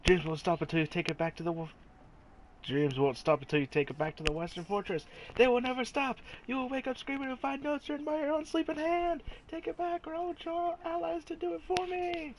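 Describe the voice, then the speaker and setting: A man's voice: fairly even intonation, a little hiss or hum, poor audio. A man putting on a shrieking haunted-letter voice. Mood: menacing wail. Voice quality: high wailing, drawn-out.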